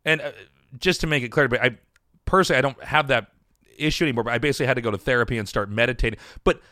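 A man's voice: mid-range voice, rapid-fire, pushed and bright, no echo, clean studio sound. A man telling a long personal story in casual chat, rambling with restarts and swearing.

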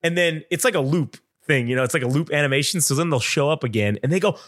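A man's voice: a little high, fast, a bit bright. A man hosting a podcast, telling a story in casual chat, swearing freely and acting out what other people said. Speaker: podcast host.

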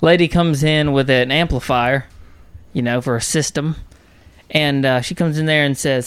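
A man's voice: a little high, steady tone, normal speed, clean tone, no room sound. A man, co-hosting a podcast and throwing in crude teasing jabs. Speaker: podcast co-host. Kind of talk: casual podcast chat.

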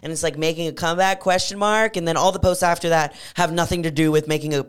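A woman's voice: low voice, steady tone, racing, clear, resonant tone. A young adult woman co-hosting a podcast, chatting casually and animatedly with lots of filler words. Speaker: podcast co-host. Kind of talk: casual chat.

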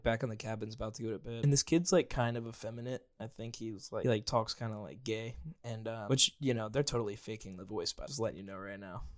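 A young man co-hosting a podcast, telling crude rambling stories full of fillers. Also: lowish voice. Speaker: podcast co-host. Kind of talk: casual chat.

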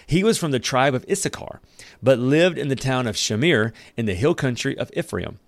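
A man's voice: medium pitch, animated, normal speed, no room sound. Chatty man teaching Scripture, dry sound. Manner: conversational, with joking asides and chuckles. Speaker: Bible study teacher. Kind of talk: casual Bible teaching.

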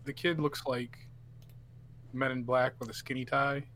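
A man's voice: medium pitch, level tone, measured pace, a bit bright, a little hiss or hum. A man on a casual podcast, joking bluntly and laughing, with some swearing. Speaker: podcast co-host. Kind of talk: casual chat.

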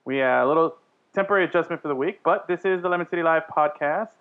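A man's voice: a little high, rapid-fire, smooth. A man hosting a casual sports podcast, joking around and laughing a lot. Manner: jokey, laughing, hypes himself up. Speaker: podcast host. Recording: dull lo-fi sound.

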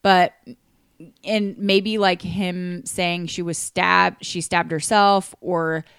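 A woman's voice: fairly low pitch, little pitch movement, slow pace, a bit bright, clean tone, dry recording, studio quality. A woman casually recounting a true crime case on a podcast, chatty, with lots of restarts and fillers. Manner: chatty, many likes and restarts. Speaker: podcast co-host.

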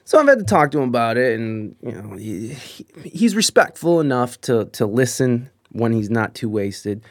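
A man's voice: medium pitch, big pitch swings, moderate pace, no room sound, clean studio sound. A man telling casual, rambling stories from his job, swearing often and laughing as he goes. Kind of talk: casual storytelling.

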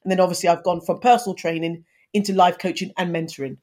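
A woman's voice: fairly low pitch, steady tone, fast, darkish tone. A woman in her fifties, a guest in an interview, talking earnestly and giving advice, with frequent restarts. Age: 50s. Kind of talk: conversational interview.

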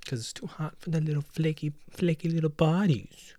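A man's voice: on the high side, normal speed, mellow, dry recording, clean studio sound. Profane, sarcastic man ranting solo. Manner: profane, sarcastic, rambling, mocking voices. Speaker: podcast host. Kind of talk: solo podcast rant. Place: indoors by a window.

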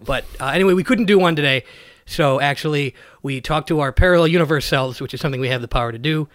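A man's voice: fairly high pitch, fast, fairly bright tone, dry recording, clean studio sound. A young man co-hosting a comedy podcast, chatting casually, joking and laughing often. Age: young adult. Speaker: podcast co-host. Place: home in snowy city.

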